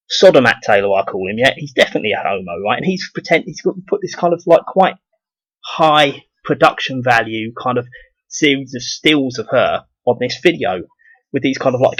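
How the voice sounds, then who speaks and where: A man's voice: mid-range voice, slightly rough, no room sound, low-quality recording. A man with a southeast English accent delivering a rambling, profane ranting monologue for his video blog, full of repeated restarts. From southeast England. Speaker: video blogger.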